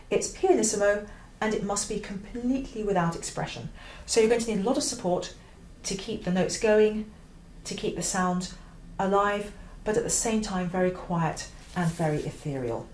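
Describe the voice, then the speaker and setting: A woman teaching the oboe, talking through a piece with clear, emphatic explanations and the odd sung phrase. Her voice carries in a roomy space with a faint hiss behind it. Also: mid-range voice, moderate pace, few pauses, a little mellow. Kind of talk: instructional explanation.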